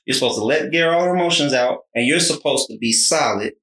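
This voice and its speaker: A man chatting casually in a measured, explanatory way. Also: mid-range voice, a bit bright, roomy sound, rough recording. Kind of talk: casual chat.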